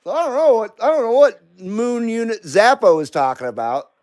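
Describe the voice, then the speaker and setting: A man's voice: very high voice, big pitch swings, moderate pace, darkish tone. A middle-aged man hosting a live stream, chatting casually, joking and laughing often as he reads comments.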